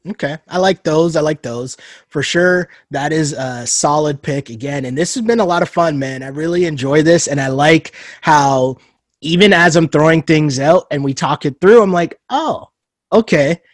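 A man's voice: fairly high pitch, normal speed, no room sound, clean studio sound. A man hosting a casual sports podcast, easygoing and affirming, laughing along with his co-host.

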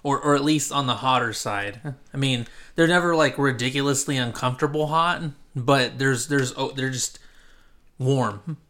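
A man hosting a casual podcast, talking at a middling pitch. He rambles along, full of ums and restarts. He is from Central California. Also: normal speed, bright, forceful tone. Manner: rambling, many fillers and restarts. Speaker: podcast host. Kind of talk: casual chat.

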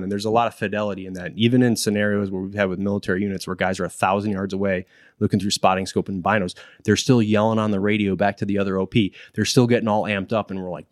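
A man's voice: lowish voice, quick pace, no echo, clean studio sound. A man working as a training instructor, explaining in casual interview talk, acting out quotes with many restarts. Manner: animated, acts out quotes, frequent restarts. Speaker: instructor in behavior analysis training.

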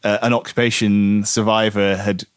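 A man's voice: lowish voice, little pitch movement, moderate pace, clear, resonant tone, no echo, clean studio sound. A man from Guernsey chatting casually on a podcast, reviewing a film in a rambling, hesitant way with many restarts. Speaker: podcast co-host.

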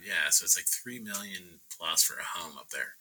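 A man's voice: deep voice, moderate pace, background noise. A man in a casual chat, telling stories in a laid-back way, laughing and acting out what people said. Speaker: painter guest.

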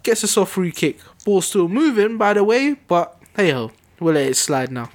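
A man recounts the match in an animated, excitable run of casual podcast chat. His voice sits a little higher than most men's. He talks like a fan reliving every moment. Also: moderate pace. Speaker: podcast co-host.

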